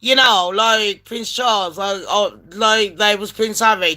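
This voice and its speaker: A woman's voice: fairly high pitch, unhurried, pauses often. Brash, sweary woman ranting in her late thirties. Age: late 30s. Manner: brash, sweary and animated, acts out phone calls in voices. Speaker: vlogger. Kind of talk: casual storytelling rant.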